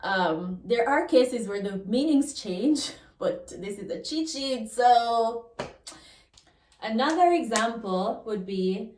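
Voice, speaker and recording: A woman with a Jamaican accent teaching a language lesson, slowly repeating example words. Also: on the high side, expressive, a little mellow. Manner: slow and deliberate, repeats example words, laughs now and then. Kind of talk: lesson explaining pronunciation rules. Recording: echoey room.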